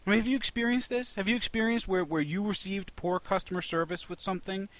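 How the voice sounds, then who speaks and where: A man hosting a casual podcast, telling an animated story with lots of restarts. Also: sits high, quick pace. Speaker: podcast host.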